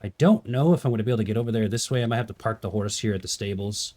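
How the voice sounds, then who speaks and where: A man's voice: fairly low pitch, racing, mellow. A young man streaming a game, joking around casually and trying out silly animal noises. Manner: goofy, jokey, does animal noises. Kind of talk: casual gameplay commentary.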